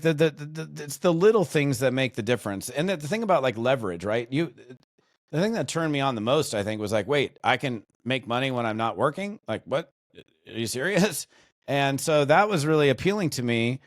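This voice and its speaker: This is a casual podcast chat with a middle-aged U.S. network marketing trainer as the guest. His medium-pitched voice comes through a dry, clean studio recording as he rambles through lively stories, often restarting and using fillers.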